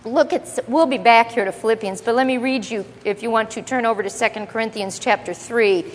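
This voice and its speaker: Woman Bible teacher, emphatic, higher voice, long hall reverb. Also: fairly quick. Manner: emphatic, explains word by word, asks the audience questions.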